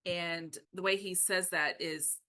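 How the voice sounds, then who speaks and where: A woman co-hosting a podcast, talking casually and animatedly about a book, with quick asides. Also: on the low side, steady tone, bright, forceful tone. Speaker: podcast co-host.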